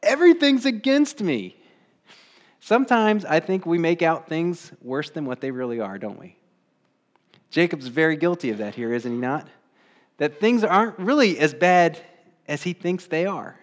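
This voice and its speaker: A man preaches a sermon in an easy, conversational voice that sits a bit high for a man. He keeps asking his listeners rhetorical questions and jumps into quoted voices with sudden bursts of energy. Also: animated, normal speed. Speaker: pastor.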